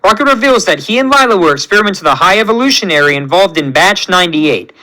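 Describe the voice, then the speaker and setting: A man hosting his channel, reading a fan story aloud with lively narration. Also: high-pitched, quick pace, rough recording. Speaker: channel host.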